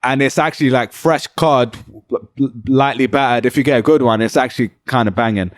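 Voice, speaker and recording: A man co-hosting a casual podcast chat, laughing often and telling lively stories. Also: medium pitch, fairly quick, no room sound, clean studio sound. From England. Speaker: podcast co-host.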